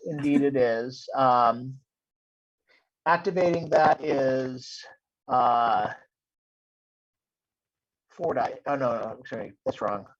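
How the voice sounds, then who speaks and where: A man narrating a tabletop game as game master, hesitant, with many pauses and ums while describing scenes. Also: mid-range voice. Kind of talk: narrating a tabletop game over video call. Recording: dull lo-fi audio.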